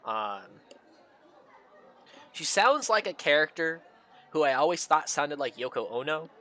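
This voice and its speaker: A man's voice: fairly high pitch, big pitch swings, measured pace, pushed and bright, a faint crowd. A man casually commenting while streaming a game, rambling and joking about the dialogue. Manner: rambling, laughs a lot, mocks the dialogue.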